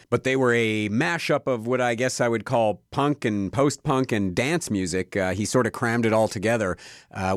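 A man's voice: mid-range voice, no room sound, studio quality. A middle-aged man co-hosting a casual review segment, talking in an easygoing, enthusiastic way and thinking aloud. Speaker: co-host, reviewer.

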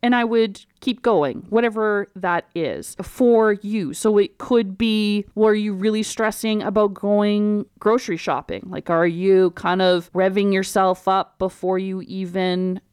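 Woman coach talking softly about pain, smooth clear voice, dry close sound, chatty and reassuring. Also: medium pitch, steady tone, a little slow, hardly any pauses, no echo. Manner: gentle, reassuring, conversational with quoted self-talk. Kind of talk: instructional talk to camera.

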